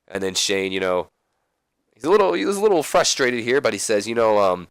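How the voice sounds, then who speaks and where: A man with a fairly low voice narrating a wrestling sim let's play. He talks casually and rambles along, stuffing his sentences with fillers. The sound is dry and close, like a home setup. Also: big pitch swings, fairly quick, clean tone, no room sound. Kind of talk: casual game commentary.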